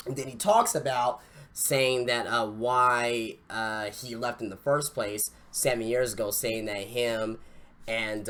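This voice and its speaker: A man's voice: fairly low pitch, a bit bright. A man hosting a wrestling podcast, reviewing an event in casual talk with swearing and lots of stammered restarts. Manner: ranting, profane, stammering restarts.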